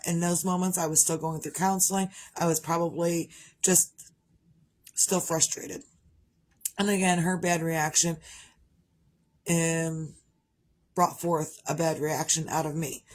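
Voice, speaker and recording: A woman's voice: lowish voice, darkish tone. A middle-aged woman talking candidly in a rambling, casual vlog monologue. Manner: rambling, candid, conversational with frequent restarts. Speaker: parent vlogger.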